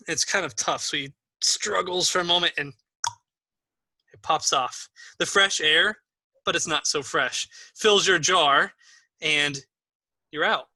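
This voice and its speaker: A man's voice: fairly high pitch, slow pace, bright, forceful tone, no room sound. A man narrating a tabletop game as game master, casual and laughing easily.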